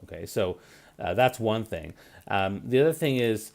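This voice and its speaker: Low-voiced man in his forties, chatty. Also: lively intonation, moderate pace, vocal fry. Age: 40s. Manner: loose and conversational, many fillers and restarts. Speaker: host of a live career-advice broadcast. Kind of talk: casual live-stream talk.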